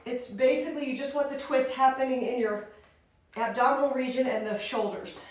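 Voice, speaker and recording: A woman's voice: high-pitched, fairly even intonation, a little fast, very echoey, far from the mic. A woman leading a pilates and yoga workout, counting reps and calling out moves while out of breath. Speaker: fitness instructor. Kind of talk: workout instruction.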